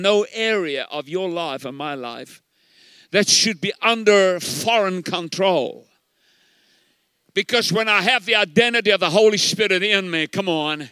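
A man's voice: high-pitched, sharp tone, no echo. An older man preaching a sermon as pastor, emphatic and repeating words for stress.

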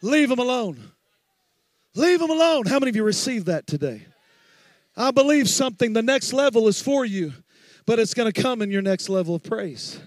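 A man's voice: high voice, lively intonation, brisk, no echo. A man preaching a sermon as a guest preacher, emphatic and driving repeated refrains.

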